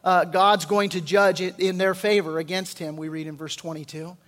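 A man preaching an expository sermon as pastor, reading scripture slowly and breaking into casual, animated explanations. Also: sits high, in a large hall.

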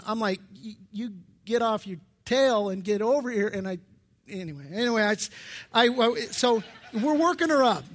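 A man's voice: extremely high pitch, fairly bright tone. A male pastor giving a sermon in a conversational, emphatic way, with many restarts and personal stories.

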